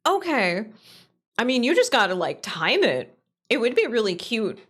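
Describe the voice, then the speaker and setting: Chatty, animated woman streamer. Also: fairly high pitch, normal speed, slightly rough. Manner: rambling, animated, swears casually, laughs often. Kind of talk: casual live-stream chat with viewers.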